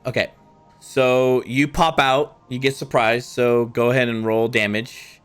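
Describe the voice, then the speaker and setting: A man's voice: mid-range voice, little pitch movement, unhurried, smooth, soft background music. A man narrating a tabletop game as game master, rambling with many fillers. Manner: rambling, lots of fillers and voiced asides.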